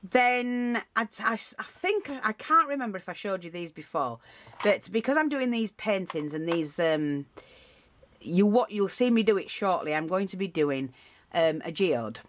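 A woman's voice: fairly low pitch, lively intonation, a little slow, slight background noise. Chatty craft tutor, woman. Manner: chatty and rambling, with frequent restarts and asides.

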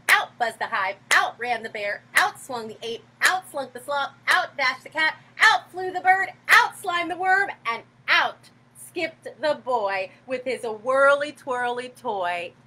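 Animated woman reading a storybook aloud. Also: high-pitched, measured pace, few pauses, husky, low-quality recording. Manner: animated and expressive, with sound effects. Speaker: parent reading to a child. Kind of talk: reading a picture book aloud.

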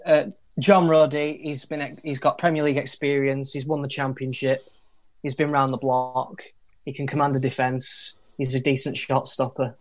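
A man's voice: mid-range voice, level tone, moderate pace. A man on a casual football podcast panel who gives brief, direct answers. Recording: dull lo-fi sound.

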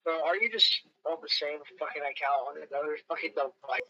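A man's voice: on the high side, brisk, pushed and bright, no room sound, lo-fi sound. A man improvising a game role-play in a brash, profane, threatening way.

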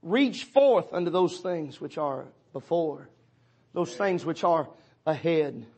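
A pastor preaching a sermon in church, speaking directly to members of his congregation, his delivery swinging from loud urging to hushed tones. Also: fairly high pitch, lively intonation, slow pace, breathy edge. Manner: addresses listeners by name as brother and sister.

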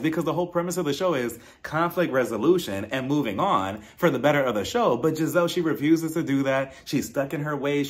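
A young man giving a casual, opinionated recap of a reality show, animated and incredulous, mockingly acting out what the cast said. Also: a little high.

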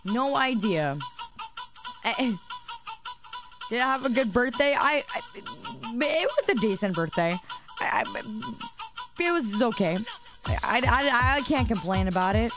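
A woman with a fairly high, slightly hoarse voice chats casually on a live stream. She scolds and teases her viewers, stumbling over and repeating her words. Clear music plays behind her. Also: very animated, a little slow, long pauses. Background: background music.

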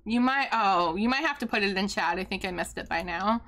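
A woman streaming a life-simulation game live, chatting excitably with her viewers and laughing often. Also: mid-range voice, fairly quick. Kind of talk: live gameplay commentary.

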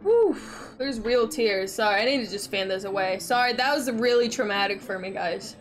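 A woman's voice: mid-range voice, a little fast, faint music behind. A woman hosting a live stream, chatting with a guest in a playful, mock-dramatic way and laughing often. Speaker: streamer host. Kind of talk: casual stream chat with a guest.

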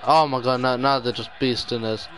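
A young man gives live gameplay commentary as a gaming YouTuber, his mid-range voice fairly even in intonation and a bit bright at a moderate pace. He sounds despairing, muttering to himself before breaking into sudden outbursts.

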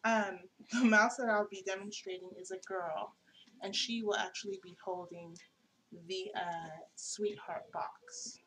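A woman's voice: medium pitch, steady tone, measured pace, a bit bright, a little hiss or hum, poor audio. Chatty woman walking through craft supplies. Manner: chatty, homey, corrects herself as she goes. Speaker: craft tutorial host. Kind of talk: casual show-and-tell craft tutorial.

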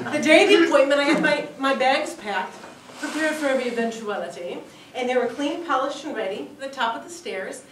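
A woman giving a humorous speech at a contest, telling a story in an animated way. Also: sits high, slight background noise. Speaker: contest speaker. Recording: echoey hall, heard from far off.

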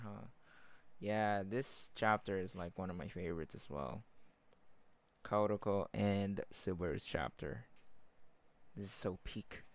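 Dude hyping up his manga haul, slangy and giggly, kinda low voice, slow drawl. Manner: excitable, gushing, slangy, laughs often. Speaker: manga vlogger. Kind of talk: casual chat while flipping through manga.

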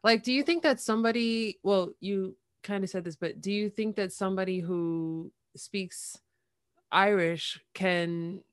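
A woman hosting a podcast interview, asking questions with hedges and quick self-corrections. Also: medium pitch, smooth, dry recording, studio quality. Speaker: podcast host. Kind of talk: interview conversation.

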